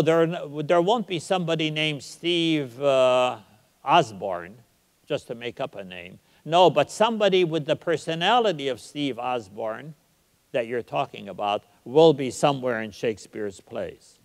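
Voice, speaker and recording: Older guy lecturing, emphatic, drags out the verse lines slow, big echoey hall. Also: medium pitch, very animated. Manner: emphatic, recites verse slowly. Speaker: guest lecturer. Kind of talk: public lecture.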